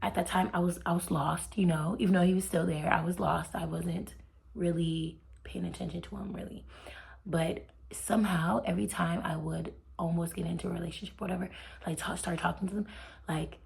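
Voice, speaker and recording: Young woman, storytime vlogger, low gravelly voice, casual and heartfelt, slips into near whispers. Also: steady tone, brisk, a little mellow. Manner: chatty and heartfelt, often drops to a near whisper. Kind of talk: casual faith storytelling to camera.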